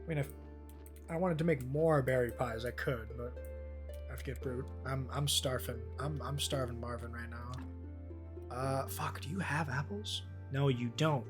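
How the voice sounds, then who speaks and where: A man's voice: mid-range voice, normal speed, music in the background. A man streaming a game with casual, profane, rambling commentary, easily delighted by small things.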